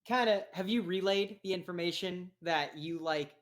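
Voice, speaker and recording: A woman's voice: lowish voice, moderate pace. A woman running a tabletop game as game master, talking loosely with many fillers.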